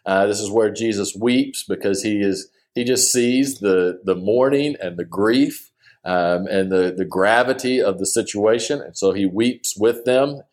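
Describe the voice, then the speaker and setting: A man's voice: lowish voice, a little slow, darkish tone. A man teaching through a Bible passage in a casual, conversational way, with many fillers and restarts and an earnest enthusiasm for the text. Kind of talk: casual Bible study commentary.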